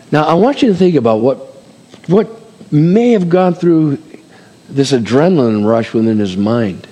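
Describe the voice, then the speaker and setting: A man's voice: on the high side, lively intonation, moderate pace, warm tone, big-room sound. A man preaching a sermon, reading scripture aloud and acting out the voices with dramatic swings and chuckles. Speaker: pastor.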